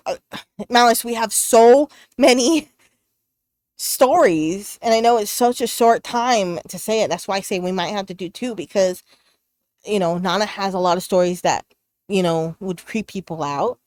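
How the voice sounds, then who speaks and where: A woman co-hosts a podcast and tells a creepy personal story in a loose, chatty way. She gets animated and excitable, with plenty of fillers and restarts. Her voice sits at a middle pitch, and the close mic leaves the sound dry and dead. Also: no room sound. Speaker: podcast co-host. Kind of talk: casual storytelling chat.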